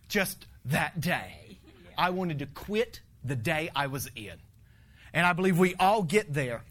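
A man preaching a conversational sermon, animated, laughing often and swinging from loud to hushed. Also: on the high side. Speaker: pastor.

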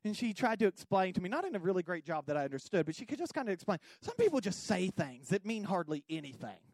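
A male pastor preaching a sermon, moving from quiet storytelling to exuberant shouting. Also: high voice, sing-song, quick pace, no echo.

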